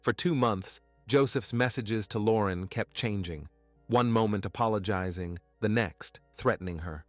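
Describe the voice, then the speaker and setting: Man, true-crime narrator, measured delivery, low voice, dry close sound. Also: no echo, faint music behind.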